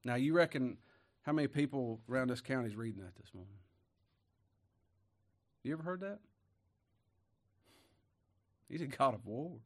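A man preaching a sermon, folksy and emphatic, rising to loud declamation when he reads scripture. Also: medium pitch, expressive, normal speed, long pauses.

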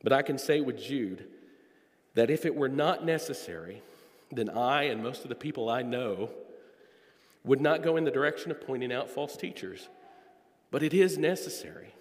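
A man's voice: mid-range voice, animated. A male preacher delivering an earnest expository sermon, drawing out key words for emphasis. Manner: earnest, emphatic, drawn-out stresses. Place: church sanctuary. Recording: long echo of a church hall.

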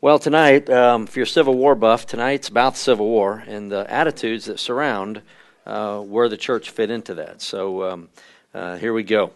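A man's voice: fairly low pitch, fairly even intonation, moderate pace. Man teaching church history at a midweek service. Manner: conversational, with frequent fillers, reading quotations aloud.

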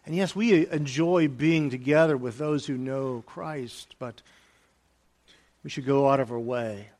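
A man preaching a sermon as pastor, moving between soft, hushed lines and raised, emphatic ones, and repeating key phrases for emphasis. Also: mid-range voice, unhurried.

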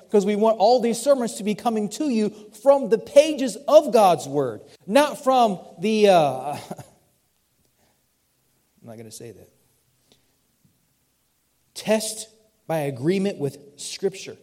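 A man's voice: high-pitched, lively intonation, a little slow, long pauses, dark tone. A male pastor with a mixed Southern US accent, preaching a sermon in a church in a conversational way with light asides. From Southern United States. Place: church sanctuary.

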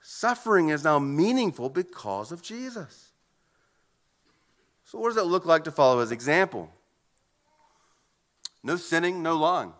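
An earnest male pastor preaching from the pulpit, his voice high-pitched and bright with a tense edge. He often stumbles and repeats words as he presses his points. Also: expressive, a little slow, long pauses. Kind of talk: sermon.

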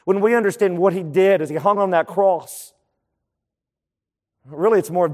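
A man's voice: high-pitched, moderate pace, pauses often, a little mellow, big-room sound. A man preaching a sermon as pastor, emphatic and repeating key phrases for effect.

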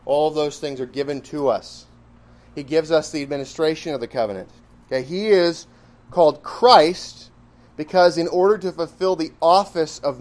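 A man leads a Bible study with a voice that sits a little on the high side for a man. He talks in a conversational, emphatic way, asking the class rhetorical questions and dropping quick asides.

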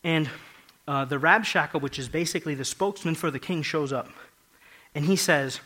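Bright-voiced preacher man, hushed to loud. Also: fairly high pitch, animated, a little fast, low-quality recording. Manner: emphatic, swings between hushed and loud; repeats phrases for emphasis. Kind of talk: sermon.

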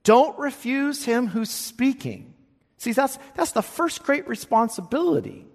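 A man's voice: very high-pitched, expressive, unhurried, slightly rough. A male pastor preaching a sermon with emphatic delivery, often repeating words as he presses a point. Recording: long hall reverb.

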